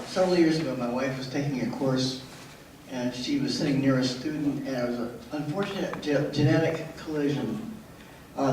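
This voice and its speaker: A man's voice: medium pitch, darkish tone, slight background noise. Hesitant man speaking from the floor. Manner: hesitant, many "uh" fillers. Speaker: workshop participant. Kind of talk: telling an anecdote from the floor. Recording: echoey room recorded from far off.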